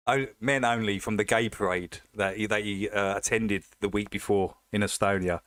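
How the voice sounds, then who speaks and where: A man's voice: lowish voice, fairly even intonation, a little slow, a bit bright, no room sound, studio quality. A man hosting a casual livestream chat, laughing often and repeating himself as he jokes. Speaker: livestream host.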